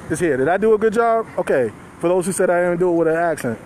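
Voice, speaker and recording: A man's voice: high-pitched, expressive, quick pace, hardly any pauses, a little mellow. A man reporting live from a street protest on a handheld phone, loose and conversational, chuckling and talking to his viewers. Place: outdoors by a street. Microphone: phone held in hand. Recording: faint outdoor street noise. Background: passing cars and street noise.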